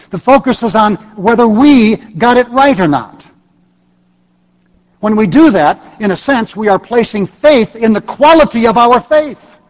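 A man with a high voice preaching a sermon, unhurried and deliberate, and sinking to a quiet hush on his key points. His words carry a long reverb, as though spoken in a large hall. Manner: measured, dropping to soft emphatic low tones at key phrases.

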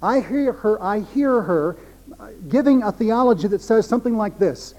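A man's voice: high voice, animated, normal speed, darkish tone. A male pastor preaching a sermon, emphatic, repeating phrases for stress.

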